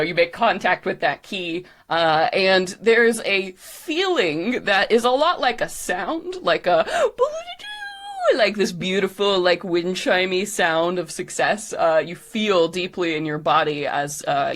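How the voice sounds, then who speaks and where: A woman narrating a tabletop game as game master, animated and chatty with quick asides. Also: on the low side.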